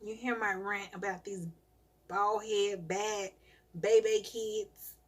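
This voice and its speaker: A mother live-streaming, telling animated stories about her children in a casual rant and laughing often. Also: medium pitch, takes it slowly.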